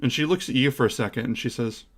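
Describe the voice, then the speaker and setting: A man narrating as game master of a tabletop game, relaxed and hesitant, with frequent ums. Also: mid-range voice, fast, a little hiss or hum.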